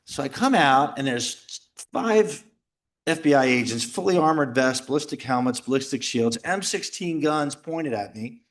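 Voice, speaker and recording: A middle-aged man speaking at a men's retreat, telling a personal story in a jokey, animated way and acting out the voices of others. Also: medium pitch, normal speed. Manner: animated, jokey, acts out quoted voices and shouts. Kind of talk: lively storytelling talk. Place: retreat house talk before a live audience.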